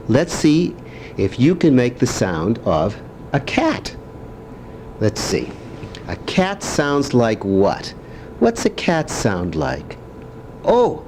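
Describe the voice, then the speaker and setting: A man's voice: medium pitch, darkish tone, a little hiss or hum. An older man, a grandfather, talking playfully to his grandchild and making animal noises.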